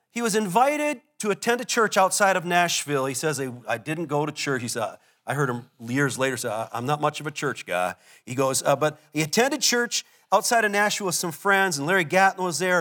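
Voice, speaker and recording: High-voiced pastor telling a story. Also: male voice. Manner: storytelling, animated, self-deprecating asides. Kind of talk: sermon. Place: church before a congregation.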